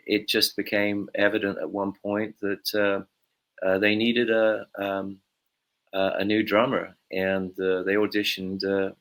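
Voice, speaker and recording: A man, a bassist telling stories in an interview, with lots of fillers. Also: fairly bright tone. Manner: rambling storyteller, many fillers. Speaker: guest bassist. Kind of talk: anecdotal interview talk.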